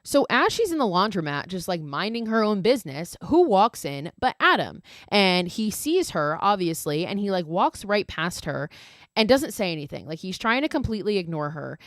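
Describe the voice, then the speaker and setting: A woman's voice: mid-range voice, big pitch swings, moderate pace, dry recording, clean studio sound. A woman podcast host casually recapping a film, peppering it with "like" and profane, exasperated asides. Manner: fillers of "like" throughout.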